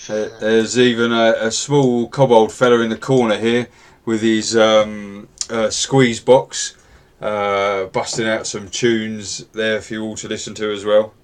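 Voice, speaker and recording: A man narrating as game master, relaxed and rambling, with lots of fillers. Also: on the low side, unhurried, smooth.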